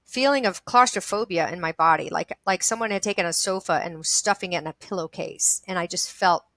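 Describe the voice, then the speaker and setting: A woman's voice: fairly low pitch, brisk, fairly bright tone, no echo, poor audio. A woman, an actress, speaking as an interview guest and telling a personal story in an earnest, emphatic, heartfelt way, often restarting her sentences.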